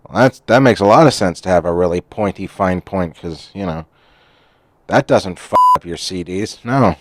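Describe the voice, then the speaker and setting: A man's voice: low voice, moderate pace, fairly bright tone. A man hosting his own cartoon review show, delivering an opinionated monologue with sarcastic rants and self-mocking asides. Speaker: cartoon critic and host.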